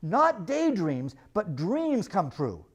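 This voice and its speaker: A man's voice: high voice, huge pitch swings, slow pace, breathy edge, heavily acted. Man doing a frantic, terrified castaway. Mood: urgent warning. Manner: frantic, pleading, repeating words. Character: wild terrified man marooned on a dark island.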